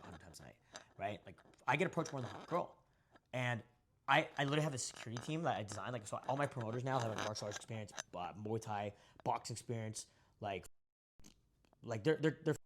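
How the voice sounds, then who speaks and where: A young man talking as a guest on a podcast, boastful, brash and profane. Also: medium pitch. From Indian descent. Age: young adult. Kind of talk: casual podcast talk.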